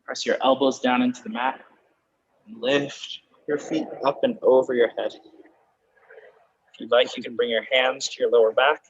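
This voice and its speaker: A man guiding a yoga class through postures and breathing, with calm, slow spoken cues and spiritual phrasing. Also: medium pitch, slightly rough, no room sound, dull audio. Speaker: yoga instructor. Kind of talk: guided yoga class instruction.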